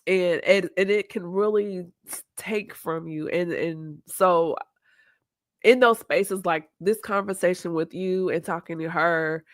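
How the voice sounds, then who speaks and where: A woman's voice: on the low side, takes it slowly, dry recording, clean studio sound. Reflective woman host. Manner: reflective, open, quotes herself and others in lively voices. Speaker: podcast host. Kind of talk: candid conversational chat.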